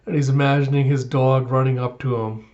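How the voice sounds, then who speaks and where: A man's voice: medium pitch, little pitch movement, brisk, darkish tone. A man hosting an anime reaction video, recapping the episode in a casual, chatty way that breaks into giggles. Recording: dull lo-fi audio.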